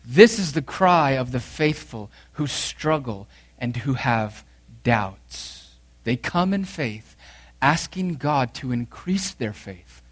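This pastor's mid-range voice is animated but unhurried as he gives an earnest sermon. Reading passages aloud and repeating key lines, he shifts from loud stresses to hushed, intense moments.

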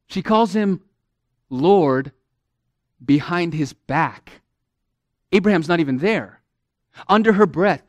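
A man preaching a sermon to women, earnest and emphatic, who speaks to them directly and swings from loud emphasis to a near-murmur. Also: sits high, no echo, studio quality.

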